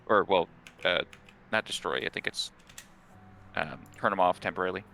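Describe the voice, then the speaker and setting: A man's voice: low voice, moderate pace, gravelly, sharp tone. A man playing a tabletop game, thinking aloud and weighing options with restarts. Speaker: player. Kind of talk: casual tabletop game chat.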